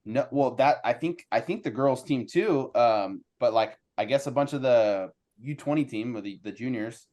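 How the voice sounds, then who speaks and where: A man's voice: mid-range voice, normal speed, hardly any pauses, a little mellow. A man who teaches, co-hosting a casual podcast and telling stories animatedly, quoting himself and others. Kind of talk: casual chat.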